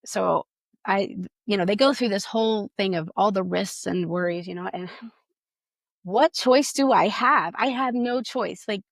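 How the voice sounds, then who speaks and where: A woman's voice: mid-range voice, no echo. A woman guest, a mother, telling an emotional personal story of faith in an interview, acting out what others said. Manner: earnest, emotional storytelling with quoted dialogue.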